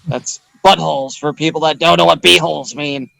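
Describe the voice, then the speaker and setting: Man co-host, gravelly and bright, reads silly news deadpan. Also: on the high side, brisk, no echo, low-quality recording. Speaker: podcast co-host. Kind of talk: reading joke news segment.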